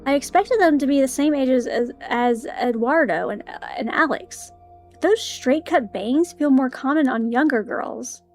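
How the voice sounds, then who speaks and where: Young woman, game streamer, giggly, easily spooked, high voice, faint music. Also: a little mellow. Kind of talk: reading a visual novel aloud with commentary.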